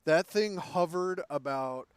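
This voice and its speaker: A man's voice: fairly high pitch, expressive, slow, smooth. A man hosting a casual podcast, jokey and laughing often. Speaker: podcast host.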